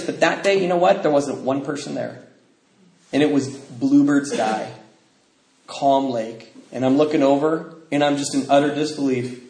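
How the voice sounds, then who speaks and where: A middle-aged man telling his personal recovery story at a meeting, emotional and swinging from loud to quiet. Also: mid-range voice, gravelly, slight background noise. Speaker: speaker sharing at a recovery meeting. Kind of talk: personal testimony talk. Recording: echoey room.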